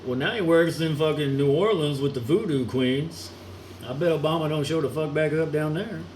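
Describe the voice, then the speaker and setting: A man's voice: a little high, normal speed, darkish tone. A man delivering a crude, mocking, rambling rant, chuckling now and then. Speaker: solo ranting vlogger. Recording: echoey room with air conditioning hum.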